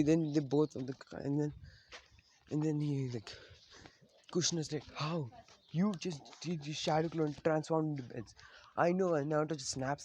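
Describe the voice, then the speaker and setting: A man retells a fan story in a loose, rambling way, stumbling and correcting himself as he goes. His voice is mellow and dark at a middling pitch, with a faint hiss of noise behind it.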